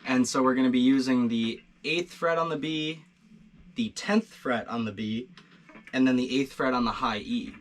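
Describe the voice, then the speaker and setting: In a casual video lesson, a man teaches beginner guitar licks in a relaxed, encouraging way, with lots of fillers and restarts. His voice is medium-pitched at normal speed, with a little hiss or hum in the audio.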